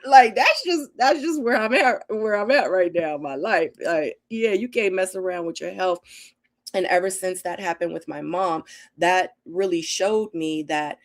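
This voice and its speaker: A middle-aged woman hosting a casual live Q&A and reading viewer comments. She talks in an animated, emotional way. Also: on the low side, unhurried. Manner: animated and emotional, acts out her own quotes with laughter. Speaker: livestream host.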